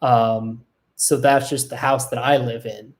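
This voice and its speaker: A podcast host at a home desk, talking casually on camera in an animated way. The host swears freely and keeps asking "right?". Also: medium pitch, a little slow.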